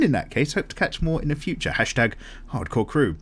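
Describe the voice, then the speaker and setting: A man chats casually while he draws, reading out viewer comments and wandering off on side tangents. His pitch swings up and down a lot around a middle register. He talks in an upbeat, self-deprecating way with plenty of ums. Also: big pitch swings, fairly quick, husky. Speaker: art channel host.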